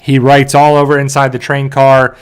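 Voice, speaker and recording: A man's voice: mid-range voice, completely flat delivery, moderate pace, clean tone. A man hosting a show, animatedly recapping a TV episode in casual talk and briefly mimicking the characters. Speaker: show host.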